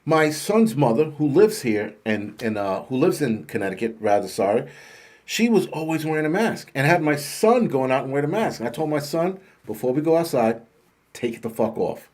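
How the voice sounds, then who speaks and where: A man's voice: on the high side, very animated, moderate pace, darkish tone. A middle-aged man hosting his own channel, telling a story and ranting bluntly with heavy swearing. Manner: profane, heated, blunt storytelling. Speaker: host. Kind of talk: ranting monologue to camera.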